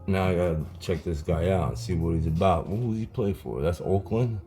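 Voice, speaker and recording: Deep-voiced man opening card packs. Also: a little fast, faint music behind. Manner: relaxed, chatty, says "man" a lot. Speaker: card collecting YouTuber. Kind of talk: casual pack-opening vlog.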